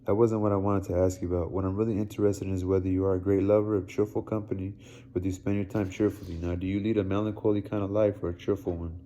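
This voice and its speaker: Brusque older doctor, flat deep delivery, clipped grunts, a man reading. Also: fast, close to an everyday voice. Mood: insistent. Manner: curt, clears throat with "hmm".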